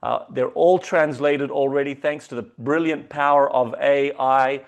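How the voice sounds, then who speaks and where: A man hosting a company video call, hyping the guest with excitable introductions. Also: medium pitch, a little slow, highs cut off. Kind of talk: enthusiastic online meeting hosting.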